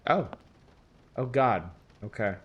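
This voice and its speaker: A man's voice: mid-range voice, lively intonation, slow, slight background noise. A male streamer giving casual, joking commentary while playing a game and chatting with viewers. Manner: joking, chatty, addresses chat.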